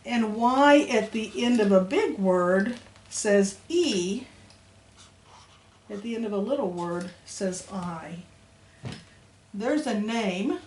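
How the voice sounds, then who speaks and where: Woman teacher sounding out phonics slowly. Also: medium pitch, animated, a little mellow. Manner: patient, sing-song teacher voice, sounding out letters. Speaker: elementary school teacher. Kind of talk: phonics lesson to young children. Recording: roomy echo, faint background hum.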